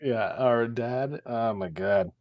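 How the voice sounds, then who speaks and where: A man's voice: medium pitch, takes it slowly, darkish tone. A man co-hosting a casual chat, hesitant and stammering, with lots of fillers.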